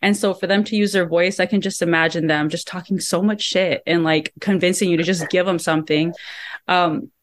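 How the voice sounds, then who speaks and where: A woman in a casual group chat, easygoing and quick to laugh. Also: fairly low pitch, steady tone. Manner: giggly, easygoing.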